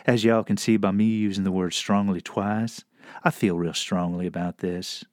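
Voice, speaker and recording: A man voicing a gentle male server with a slow, soothing Southern US drawl. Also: low-pitched, fairly even intonation, dry recording, studio quality, voice pushed down, natural voice. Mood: mock-soothing.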